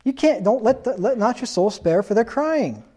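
A man's voice: very high voice, lively intonation, moderate pace, warm tone. A man preaching a sermon in a stern, insistent tone, reading scripture aloud and asking rhetorical questions.

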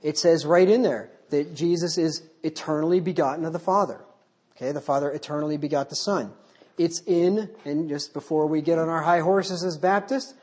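A male Baptist preacher works through scripture verse by verse without notes. His voice is husky and a little rough at the edges. He reads each passage aloud, then picks it apart, pressing his points with rhetorical questions. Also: a little high, darkish tone. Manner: unscripted, poses rhetorical questions. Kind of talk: verse-by-verse sermon teaching.

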